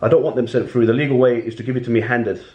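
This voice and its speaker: A man's voice: mid-range voice, steady tone, rapid-fire, darkish tone, reverberant. A man arguing on a recorded phone call, repeating taunts and insults. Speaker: caller arguing with a bailiff. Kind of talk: heated phone argument.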